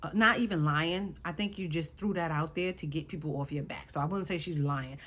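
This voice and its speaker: A woman's voice: low voice, a little fast, fairly bright tone. A woman recapping a reality show in casual chat, sassy and exasperated as she talks to her viewers.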